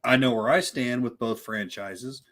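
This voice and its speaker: A man's voice: mid-range voice, a little slow, fairly bright tone. A man co-hosting a casual horror movie livestream, rambling with repeated words and lots of "dude" and "like". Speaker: livestream co-host.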